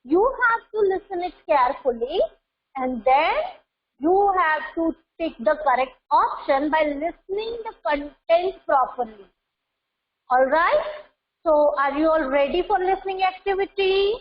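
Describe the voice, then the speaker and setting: A woman teaches young children over an online class. Her voice sits high and she talks slowly, drilling words one at a time. The sound is dull and lo-fi, as if from a laptop mic. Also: lively intonation. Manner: slow, repeats words for pronunciation drills.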